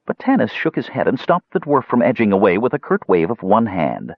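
A man narrating a fantasy audiobook in an animated, expressive reading. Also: fairly low pitch, brisk, few pauses, breathy edge, dry recording. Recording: dull dry lo-fi recording.

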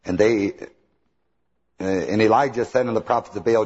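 A man preaching a sermon, telling the story with animated mimicry and chuckles. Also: medium pitch, fairly quick, slightly rough. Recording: dull old hall recording.

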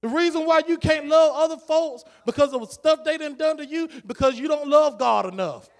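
High-voiced, gravelly male preacher. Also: normal speed. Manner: repetitive, rhythmic preaching with a rising fervor. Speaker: pastor. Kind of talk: sermon. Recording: long hall reverb.

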